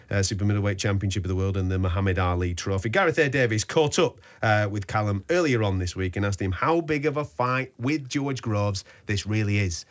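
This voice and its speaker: A man hosting a live boxing radio show, chatting and joking with his co-hosts. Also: fairly low pitch. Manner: chatty, jokey, bantering with co-hosts. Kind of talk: live sports radio talk.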